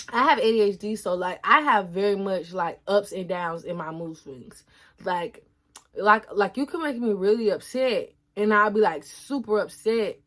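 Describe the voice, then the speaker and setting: A woman in her twenties talking casually and animatedly to the camera, speaking straight to her viewers and dropping her voice low for asides. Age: 20s. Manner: chatty, animated, addresses viewers directly as y'all. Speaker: vlogger.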